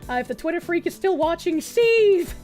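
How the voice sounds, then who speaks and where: High-voiced, profane, mocking woman streamer. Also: lively intonation, moderate pace, darkish tone, faint music behind. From Canada. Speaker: livestreamer. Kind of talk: casual livestream chat reading.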